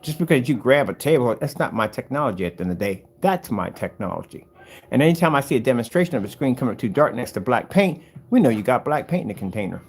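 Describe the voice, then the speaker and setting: Brief: husky man, lively pitch, fiery product demo indoors, faint music behind. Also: fast talker. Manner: combative, animated, talks straight to critics. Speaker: seller demonstrating projector screen paint. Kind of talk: product demonstration rant.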